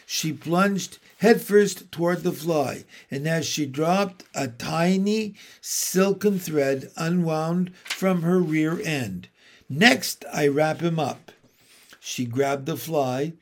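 Slow, gravelly storybook narrator, a man. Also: a little high. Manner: steady, measured storytelling. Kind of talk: storybook read-aloud.

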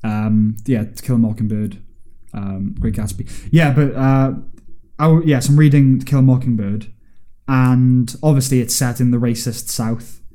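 A young man co-hosts a casual podcast chat. His voice is mellow and dark-toned. He talks reflectively and often stops to restart a thought. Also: medium pitch, moderate pace. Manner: reflective, chatty, with many restarts. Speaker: podcast co-host.

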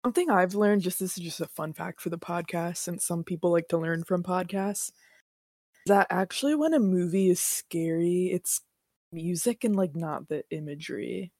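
A woman's voice: fairly low pitch, moderate pace, mellow, dry recording, studio quality. A woman in her twenties co-hosting a podcast in casual chat, rambling and self-deprecating, laughing often. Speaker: podcast co-host.

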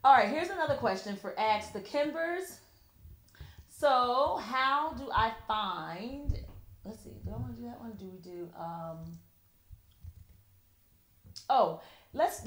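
A woman's voice: on the high side, expressive, slow, pauses often. A young adult woman hosting a casual real estate podcast, chatty and teasing. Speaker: podcast host. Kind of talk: casual chat.

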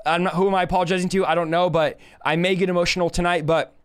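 High, resonant-voiced man preaching testimony. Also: little pitch movement, racing, smooth. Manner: fervent, emphatic storytelling with repeated phrases; talks straight to live viewers. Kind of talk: testimony on a live stream.

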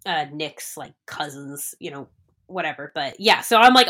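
A woman co-hosting a casual chat, rambling and animated, full of fillers and restarts. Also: fairly low pitch, moderate pace. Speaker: podcast co-host. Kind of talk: casual chat about a movie.

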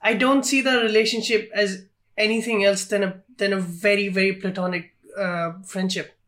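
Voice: medium pitch, fairly even intonation, normal speed, a bit bright. A podcast co-host chatting casually about films, hesitant with many likes and ums. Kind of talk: casual film chat.

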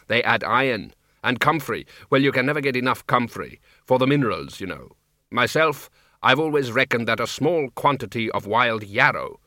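A man voicing an earnest, plodding male dwarf gardener in an audiobook, slow and rambling. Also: medium pitch, lively intonation, pushed and bright, dry recording, studio quality.

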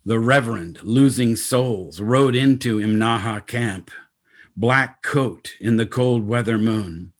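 Man, storyteller, slow spoken-word narration, terse poetic fragments, mid-pitched.

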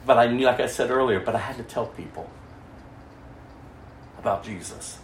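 A man preaching his testimony as a story, swinging between loud stretches and hushed ones. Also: medium pitch, moderate pace. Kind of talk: sermon testimony. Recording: echoey room, mic far off, faint noise.

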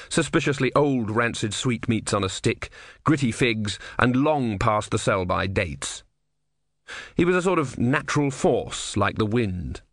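A man's voice: medium pitch, fairly bright tone, dry recording. A man narrating a comic fantasy audiobook with dry, wry delivery.

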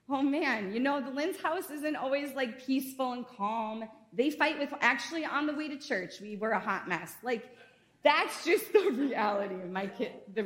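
A woman pastor in her thirties delivers a sermon in a church sanctuary. Her voice sits a little higher than most women's. She keeps it conversational and earnest, with casual asides between the scripture. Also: fairly bright tone.

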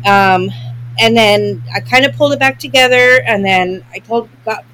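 A woman's voice: fairly high pitch, moderate pace, a bit bright, a little hiss or hum, rough recording. A woman in her forties, co-hosting a podcast and telling an emotional personal story in casual chat, full of fillers and restarts. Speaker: podcast co-host.

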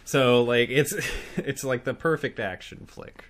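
A man's voice: medium pitch, measured pace, a bit bright. A man in casual podcast chat about a movie, laid-back and joking. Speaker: podcast co-host.

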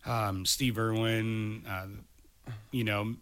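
A man's voice: lowish voice, flat delivery, drawn-out words, fairly bright tone, no echo. A man co-hosting a podcast in casual chat, blunt and opinionated, with frequent swearing. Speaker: podcast co-host. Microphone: studio microphone.

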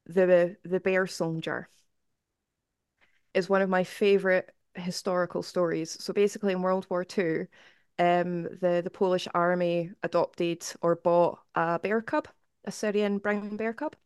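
A woman's voice: fairly low pitch, steady tone, unhurried, darkish tone, clean tone, dry recording, studio quality. A woman with a Scottish accent chatting casually as a podcast guest, self-deprecating and laughing often. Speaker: podcast guest, YouTube album reviewer. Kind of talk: casual chat.

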